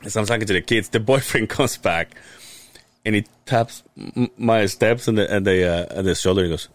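Fairly quick and medium-pitched, the man's voice comes through with no room sound. As a podcast co-host chatting casually, he rambles through a lengthy story, cursing and restarting often.

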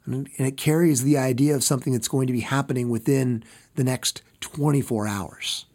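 A man preaching a sermon as pastor, slow and deliberate, repeating phrases for emphasis and trailing off softer at the ends of phrases. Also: mid-range voice, steady tone.

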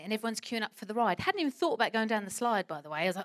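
A woman preaching a sermon and telling a lively personal story, acting out what people said. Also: medium pitch, very fast, no room sound. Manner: animated storytelling, acts out quoted voices.

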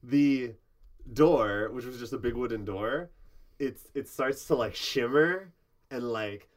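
A man's voice: mid-range voice, slow. A man narrating as game master of a tabletop game, describing scenes in rambling, filler-heavy speech.

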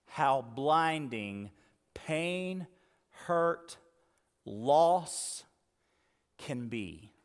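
A male pastor preaching a sermon, retelling scripture with dramatic pauses and slowing on key words. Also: fairly high pitch. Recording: long reverb of a church hall.

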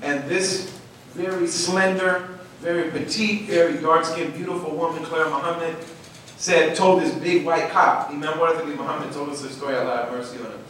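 A man telling a story with passion, animated and emphatic, stressing his words by repeating them. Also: fairly high pitch, normal speed. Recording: echoey room, from far off, faint noise.

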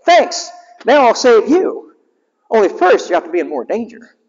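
A man's voice: very animated, moderate pace, husky, in a large hall, lo-fi sound, exaggerated voice. A man putting on a cocky cartoon hedgehog. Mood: smug. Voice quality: high, cartoonish. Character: young male cartoon hedgehog hero, cocky.

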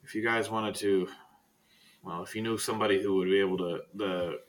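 A man narrating a tabletop game as game master, casual and halting. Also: sits low, steady tone, slight background noise. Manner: casual, halting, with many fillers.

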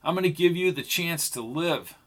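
In an audiobook western, a male narrator voices a ruthless outlaw, curt and menacing with a cold, scornful edge. His voice is slightly high and bright, and he keeps a moderate pace.

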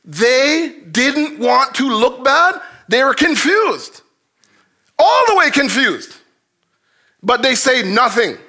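A man preaching a sermon, telling stories and reading scripture, swinging from shouted emphasis to low, quiet asides. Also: very animated, takes it slowly. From grew up in a housing complex. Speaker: pastor.

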